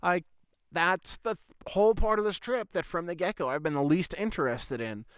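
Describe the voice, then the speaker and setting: A man's voice: high-pitched, moderate pace, fairly bright tone, clear, resonant tone, no echo, studio quality. A man hosting his own podcast, telling a long personal story in a loose, rambling way, full of swearing and "I was like" retellings. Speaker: podcast host. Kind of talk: casual storytelling monologue.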